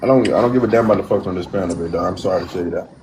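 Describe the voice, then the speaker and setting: A man's voice: low voice, very fast, noisy background. A man on a casual online panel, defending himself and brushing off the others. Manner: defensive, dismissive.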